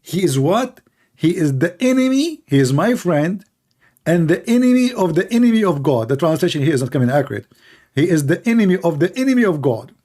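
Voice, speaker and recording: A man's voice: high-pitched, a little mellow. A man hosting a debate channel, giving sarcastic, incredulous commentary on religious texts.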